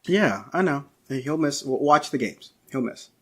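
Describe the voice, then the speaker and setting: A man's voice: on the high side, lively intonation, a little slow. A man co-hosting a podcast, chiming in with blunt, joking remarks during a casual chat. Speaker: podcast co-host.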